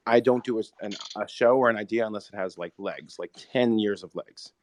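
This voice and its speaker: A man's voice: fairly low pitch, darkish tone. A man, a screenwriter and show creator, talking enthusiastically in casual podcast conversation with many fillers. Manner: rapid, enthusiastic, lots of fillers.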